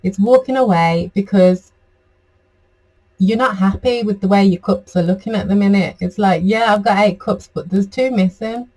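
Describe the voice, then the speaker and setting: Mellow tarot reader just chatting thru the cards, lots of you knows. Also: mid-range voice, moderate pace, poor audio. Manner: chatty and rambling, many fillers. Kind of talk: casual tarot reading to camera.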